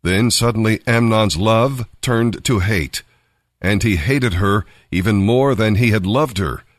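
A man narrating a Bible story in an expressive storytelling manner. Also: lowish voice, a little slow, dry recording, clean studio sound.

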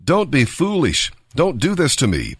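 A man's voice: fairly high pitch, wildly swooping pitch, unhurried, slightly rough, dry recording, clean studio sound, pitched above the performer's own voice, full character voice. A man voicing a desperate pleading young princess. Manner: pleading, distraught.

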